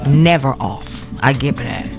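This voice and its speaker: A woman's voice: very deep voice, lively intonation, normal speed, gravelly, music in the background. A middle-aged woman co-hosting a casual chat show, telling a story with lots of swearing and acting out her own panic. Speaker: talk show co-host.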